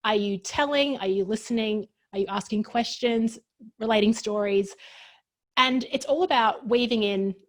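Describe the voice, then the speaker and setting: A woman's voice: fairly high pitch, moderate pace. Earnest woman workshop facilitator. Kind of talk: casual interview chat.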